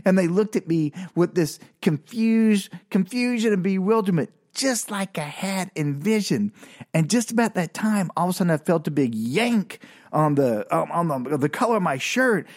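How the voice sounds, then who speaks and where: Older man, comedic storyteller, lively pitch, self-mocking, sound effects. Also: moderate pace.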